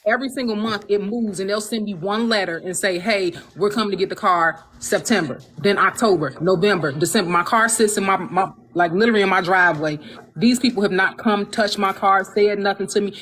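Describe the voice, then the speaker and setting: Woman telling her story, acting out what people said to her, normal pitch, a bit of faint background noise. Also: fairly quick. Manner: animated storytelling, quoting others. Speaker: guest sharing her experience. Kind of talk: casual testimonial chat.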